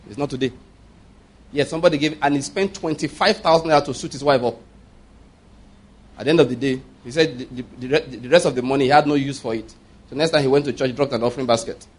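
This Nigerian man in his fifties, a pastor, delivers his sermon at a quick pace with a medium-pitched voice. Emphatic throughout, he repeatedly checks that the congregation understands him.

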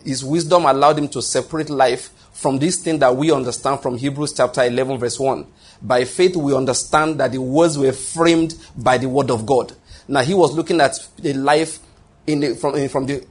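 A man delivers a sermon in a slightly husky, mid-range voice. He stresses key phrases by repeating them, breaks off and restarts sentences, and checks in with his listeners through rhetorical questions. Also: mid-range voice, fairly even intonation, normal speed. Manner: repetitive, emphatic, with frequent restarts and rhetorical questions. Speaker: pastor.

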